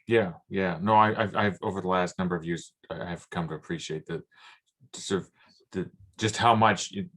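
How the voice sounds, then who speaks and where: A man from Canada with a Southern Ontario accent, hosting a casual interview and talking in halting, restarting phrases. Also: sits low, steady tone, a bit bright. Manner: halting, many restarts and fillers. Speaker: podcast host.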